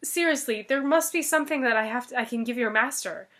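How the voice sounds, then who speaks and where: A woman's voice: on the high side, quick pace, a bit bright, natural voice. A woman doing a hesitant, casual king. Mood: eager.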